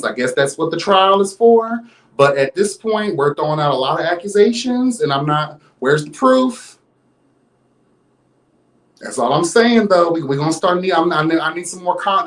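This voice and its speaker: A flamboyant man dishes on celebrity news with sass and running commentary. His voice sits a little high, and the recording carries the echo of the room he is in. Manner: sassy and flamboyant, peppered with interjections; reads news aloud with commentary. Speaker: host. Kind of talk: livestream gossip commentary.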